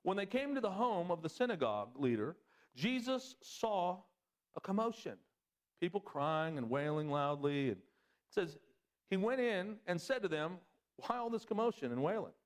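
A man preaching to his congregation, his voice set a touch high for a man. He climbs sharply in pitch to stress his points, then drops low and quiet as he reads scripture and makes his case. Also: normal speed. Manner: animated preaching, swings pitch up for emphasis. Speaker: pastor. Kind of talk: sermon.

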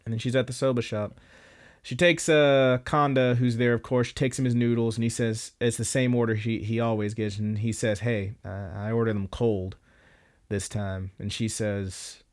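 A man's voice: mid-range voice, little pitch movement, moderate pace. A man on a podcast casually retelling an anime episode, loose and profane, with lots of fillers. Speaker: podcast host.

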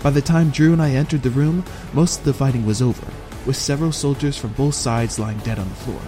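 A man narrating a fantasy audiobook in the first person, with steady, measured storytelling. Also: medium pitch, soft background music.

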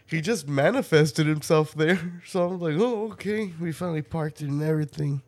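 A man hosting a podcast, telling a story in a loose, profane, animated way and often breaking into laughter. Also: on the high side, fairly quick. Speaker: podcast host. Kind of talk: casual storytelling chat.

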